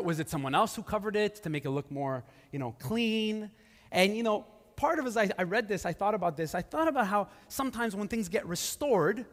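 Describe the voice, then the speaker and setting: A male pastor preaching casually and conversationally, with many fillers and restarts. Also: high-pitched. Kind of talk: casual sermon. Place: church sanctuary. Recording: live church hall with long reverb.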